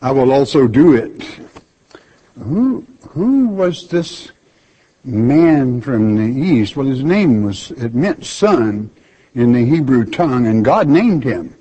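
A man's voice: medium pitch, sing-song, slow, mellow, husky. A man preaching a sermon. He reads scripture aloud and bluntly explains it, scolding listeners with rhetorical questions. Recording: dull lo-fi recording.

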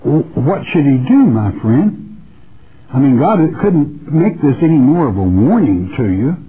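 A man's voice: medium pitch, sing-song, unhurried, narrow, tinny audio, over music. A man teaching the Bible verse by verse on a radio broadcast, earnest and repetitive, calling the listener his friend. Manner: earnest, repeats phrases, addresses listener as friend. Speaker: preacher.

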